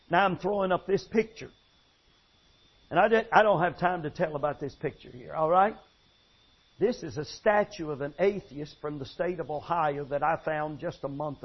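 A man's voice: high voice, slightly rough. A man preaching a sermon with emphatic storytelling. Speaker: pastor. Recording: dull lo-fi sound.

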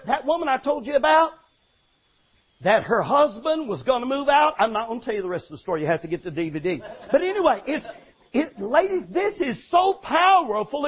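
An older man, a longtime pastor, preaching an animated sermon with emphatic restarts and sudden shouts. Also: very high-pitched, dull audio.

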